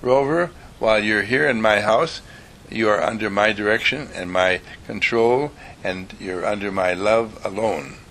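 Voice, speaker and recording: A man playing a calm, firm dog trainer. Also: fairly low pitch, slight background noise. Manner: slow, patient, commanding.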